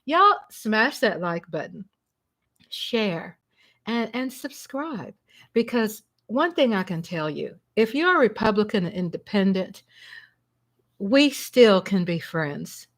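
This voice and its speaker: A woman hosting a casual livestream from home, chatty and excitable, breaking into shouts and laughter. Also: medium pitch, slow. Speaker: livestream host.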